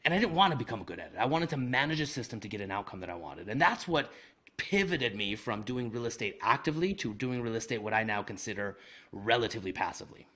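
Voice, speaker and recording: A man speaking as an interview guest, recounting his own missteps with candid, self-deprecating humor. His delivery is lively and conversational, peppered with casual slang, at a middle pitch for a man. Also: quick pace. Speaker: guest, real estate investor. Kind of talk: conversational storytelling.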